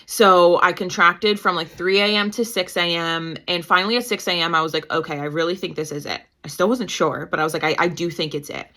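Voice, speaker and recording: A woman in her thirties, a midwife guest telling her story in a casual, animated way and acting out her own past lines. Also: a little fast, hardly any pauses. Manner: animated, quotes herself with pitch jumps. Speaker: guest, certified nurse-midwife and mother.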